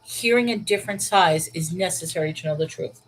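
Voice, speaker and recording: A woman with a somewhat low voice hosts a casual Bible study livestream from home, speaking into a desk mic. She talks things through aloud, pausing on fillers and restarting her sentences as she responds to viewers. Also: a little hiss or hum, poor audio. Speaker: livestream host reading chat. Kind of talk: casual live chat about Bible study.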